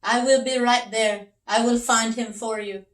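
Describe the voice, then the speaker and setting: A woman's voice: on the high side, steady tone, measured pace, echoey room, far from the mic, pitched above the performer's own voice, close to an everyday voice. Woman playing a confident storybook detective. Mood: reassuring. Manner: firm, reassuring, a bit louder. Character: calm, confident male detective.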